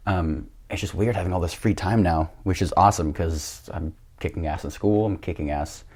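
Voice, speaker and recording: Young man, deep voice, podcast guest; lively self-mocking storyteller who swears freely. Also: moderate pace. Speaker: podcast guest, jiu-jitsu coach. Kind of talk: casual storytelling.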